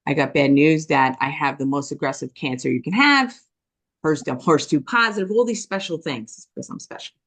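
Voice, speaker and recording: A woman giving a personal testimony, talking quickly and passionately, often checking in with "okay?" and acting out voices as she tells her story. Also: sits low. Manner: animated storytelling with quoted dialogue. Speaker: business testimony speaker.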